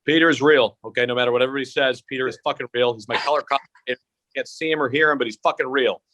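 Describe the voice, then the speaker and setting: A man's voice: medium pitch, steady tone, rapid-fire, sharp tone, no echo. A young man telling stories as a guest over a video call, swearing freely and rambling. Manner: profane, rambling storytelling. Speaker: guest, sportscaster-style comedian.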